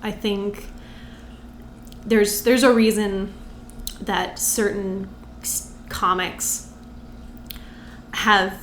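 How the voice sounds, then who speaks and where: A woman stand-up comic chats as a podcast guest in a lively, animated way, at times acting out other comics' rhythms. Her voice has a middling pitch and sits in a roomy space with a faint hiss behind it. The talk is loose and conversational. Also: very slow, long pauses. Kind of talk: casual conversation.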